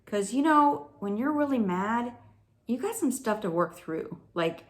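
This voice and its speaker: A woman's voice: a little high, expressive, unhurried. A woman hosting her own faith vlog, telling a personal testimony in a chatty, earnest way with lots of fillers and asides.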